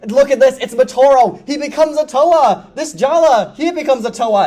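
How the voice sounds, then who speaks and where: High-voiced, excitable lore-explaining man. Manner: fast, enthusiastic, self-deprecating jokes. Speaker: convention panelist. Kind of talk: energetic lore explainer talk. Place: convention panel room.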